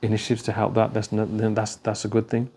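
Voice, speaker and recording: A man's voice: on the low side, monotone, fast, mellow, slight background noise. A man giving a conversational religious talk, telling stories and acting out the dialogue. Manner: anecdotal, conversational, acts out dialogue. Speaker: speaker at a talk.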